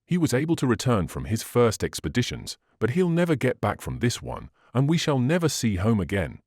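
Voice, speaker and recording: A man's voice: mid-range voice, huge pitch swings, a little fast, a little mellow, no room sound, clean studio sound. A man doing a bitter, despairing sailor. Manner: bitter, scoffing. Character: despairing, doubting male sailor.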